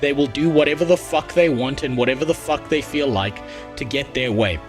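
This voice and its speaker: A man's voice: medium pitch, a little fast, music in the background. A man streaming a game, ranting bluntly and swearing freely in casual chat. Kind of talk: casual livestream gameplay chat.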